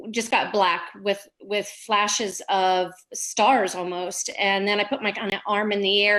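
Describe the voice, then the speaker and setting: A middle-aged woman recounts a personal experience in a mid-range voice. Her speech is halting, full of pauses, restarts and soft fillers. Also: medium pitch, poor audio. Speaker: bereaved mother sharing her story. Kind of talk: personal storytelling.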